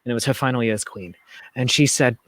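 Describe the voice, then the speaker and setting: A man hosting a casual livestream chat, telling stories in an animated way, acting out other people's voices and gasps. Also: medium pitch, fast, no room sound. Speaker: host.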